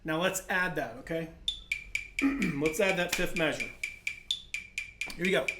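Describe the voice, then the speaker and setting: A man's voice: fairly high pitch, unhurried, roomy sound, over loud music. A man teaching a livestream drum lesson, patiently explaining technique and counting in. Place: percussion studio.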